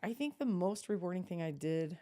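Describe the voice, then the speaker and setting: A woman's voice: fairly low pitch, expressive, fairly quick, warm tone. A woman co-hosting a podcast, telling stories in a chatty, rambling way with many fillers. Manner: chatty storyteller, frequent fillers and restarts. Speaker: podcast co-host. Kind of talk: casual chat.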